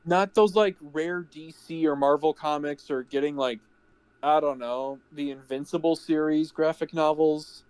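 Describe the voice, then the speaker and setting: A man's voice: on the high side, fairly even intonation, unhurried, a little mellow, smooth, dry recording. Sarcastic man on a movie podcast. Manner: sarcastic, playful banter. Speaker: podcast co-host. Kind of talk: casual movie review chat.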